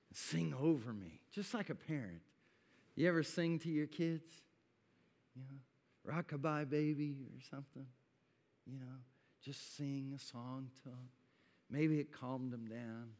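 A man preaching a sermon in a church, his voice swelling with feeling on quoted words of God and dropping low and intimate between them. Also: in a large hall. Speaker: pastor. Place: church sanctuary.

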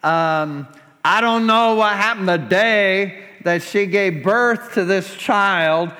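A pastor preaches a sermon to a congregation in a church sanctuary, his voice high-pitched, slow, bright and forceful. He grows passionate and pleading as he builds toward fervent prayer, with long hall reverb on the recording.

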